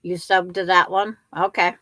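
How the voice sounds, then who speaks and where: A woman's voice: lowish voice, flat delivery, moderate pace, bright, forceful tone, no echo. An older woman hosting a quilting livestream, chatting casually and rambling with viewers, often restarting her sentences.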